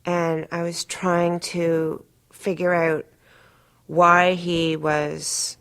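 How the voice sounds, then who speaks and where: Smooth and low, this woman's voice starts out very slow as she speaks to camera in an interview. Retelling a personal story with animation, she quickens and climbs sharply in pitch when the conflict heats up.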